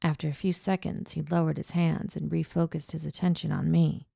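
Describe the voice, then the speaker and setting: A woman narrates an audiobook in a measured, low-key voice. It sits low and gravelly with a dark tone. The recording is dry and close. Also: level tone, no room sound. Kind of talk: scripted first-person audiobook narration.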